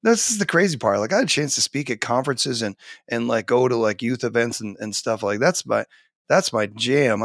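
A man's voice: mid-range voice, no echo, studio quality. A man in his forties, a teacher and author, talking animatedly as a podcast guest, full of fillers and restarts. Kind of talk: casual conversational interview. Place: home office.

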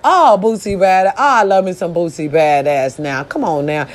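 A woman ranting casually about people online, profane and animated, often jumping to high squeals. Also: normal speed. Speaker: social media commentator. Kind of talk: casual reaction rant.

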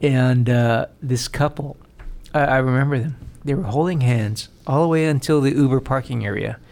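Gravelly man swearing through casual chat. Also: medium pitch, moderate pace, a little mellow. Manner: loose, profane, chatty. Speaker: podcast co-host.

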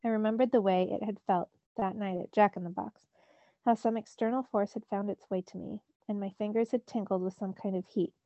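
A woman's voice: medium pitch, fairly even intonation, a little fast, warm tone, dry recording, highs cut off. A teacher reading a novel aloud to her students, narrating expressively in the first person. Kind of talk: storybook read-aloud.

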